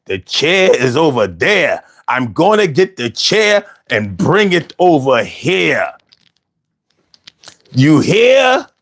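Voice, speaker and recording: A man hosting a casual livestream, talking in slang and repeating phrases for emphasis. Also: on the high side. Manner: slangy, peppers speech with "yo". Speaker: livestream host.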